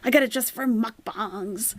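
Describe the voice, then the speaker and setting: A woman's voice: on the high side, a little slow, dry recording. A woman hosting a commentary channel, reading viewer comments aloud and answering them with sarcastic, casual remarks.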